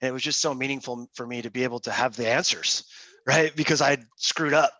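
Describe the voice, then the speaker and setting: A man speaking as a guest in a casual video-call interview, an animated and frank storyteller. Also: medium pitch, fast talker, no echo. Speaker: guest author and agency founder.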